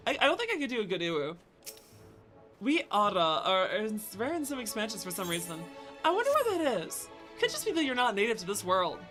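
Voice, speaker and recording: A bubbly young woman chats with her stream audience in a bright, higher voice that leaps up and down. She talks playfully, now and then cracking, with faint music underneath. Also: sing-song, fast talker. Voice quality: voice sometimes cracks. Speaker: game streamer. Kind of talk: casual live-stream chat. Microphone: headset with headphones.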